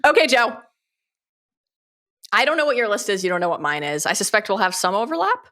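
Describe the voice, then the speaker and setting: A woman co-hosting a casual pop-culture podcast, enthusiastic and quick with asides, often laughing. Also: mid-range voice, very animated, a bit bright. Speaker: podcast co-host.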